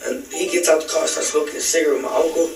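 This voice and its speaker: A man's voice: a little high, little pitch movement, gravelly, far from the mic, soft background music. Rambling young man in an echoey interview room. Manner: rambling, halting retelling full of restarts. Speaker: witness being questioned. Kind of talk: recorded police interview.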